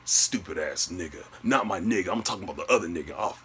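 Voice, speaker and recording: A man telling a story as a brash, profane comedic rant, with loud outbursts. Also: sits low, fast talker, slightly rough. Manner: brash, animated, loud outbursts in acted quotes.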